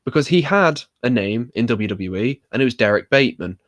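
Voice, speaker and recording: A man's voice: medium pitch, lively intonation, a little fast, no room sound. A young man hosting a casual podcast, talking in a rambling, wry way full of fillers. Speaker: podcast host. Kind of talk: casual chat about wrestling.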